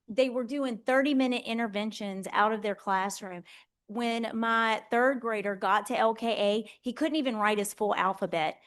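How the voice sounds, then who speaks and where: A woman's voice: fairly high pitch, fairly bright tone. A woman testifying firmly as a parent at a public hearing. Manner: firm, emphatic, persuasive.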